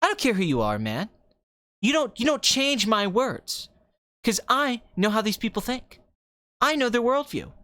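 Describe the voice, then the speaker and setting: A man doing a comedic impression of a cocky film director, ranting fast and swearing, swinging from quiet musing to loud excitement. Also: extremely high pitch, no echo, voice pushed up, exaggerated voice. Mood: preachy.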